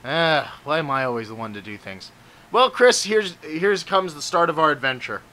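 Over game music, this man's voice is a little high and sing-song, with a sharp tone and normal speed. He's a let's player doing casual commentary, joking around, swearing, and chatting with the characters on screen.

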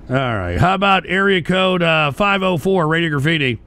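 A male call-in host with a gravelly, creaky voice that swings widely in pitch. He curses freely and erupts into shouts, then drops back to taking calls. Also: expressive, moderate pace, dry recording. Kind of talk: call-in radio stream.

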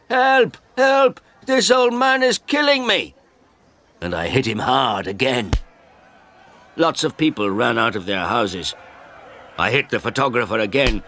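A man narrating a first-person story in a slow, plain reading style for English learners. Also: fairly low pitch, fairly bright tone, slight background noise.

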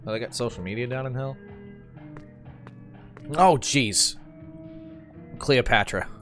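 A man giving casual gameplay commentary, relaxed and wry, thinking aloud as he plays. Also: medium pitch, takes it slowly, soft background music. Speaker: gamer, channel host.

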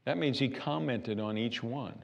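A man preaching a sermon as pastor of a church, animated and repeating himself as he builds each point. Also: mid-range voice, moderate pace, creaky, highs cut off. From United States. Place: church sanctuary.

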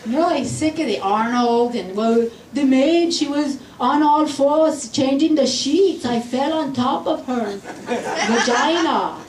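A woman's voice: high-pitched, slow pace, background noise. A woman doing a stand-up comedy set in a club, sarcastic and irritated, with a playful edge. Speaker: stand-up comic. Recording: roomy club sound from far off, loud laughing crowd.

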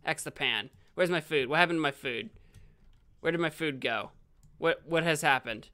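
A young man live-streaming a video game, rambling and correcting himself, with sudden excited outbursts. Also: a little high, moderate pace, clear, resonant tone.

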